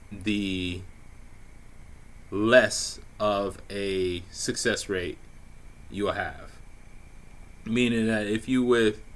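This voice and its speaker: A man's voice: fairly low pitch, fairly bright tone. A man casually telling a personal story, laid-back and slangy with plenty of swearing and fillers. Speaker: vlogger telling a dating story.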